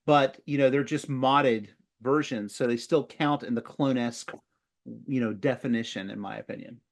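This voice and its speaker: A male podcast co-host chatting casually, laid-back and quick to laugh. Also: mid-range voice. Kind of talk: casual chat.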